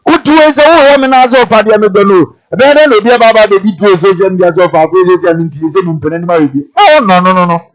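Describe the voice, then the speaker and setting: A man's voice: high-pitched, animated, quick pace, few pauses, poor audio. A man on a TV talk show, repeating Bible verses and explaining them, switching between Twi and English. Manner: expounding on scripture, repeating each verse and explaining it; mixes Twi with English phrases.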